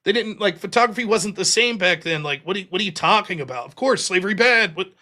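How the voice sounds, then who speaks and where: On his live streaming show, a man spins a long, meandering anecdote, swearing freely and leaning on filler words. His voice sits high and sounds animated, fast, bright, and forceful.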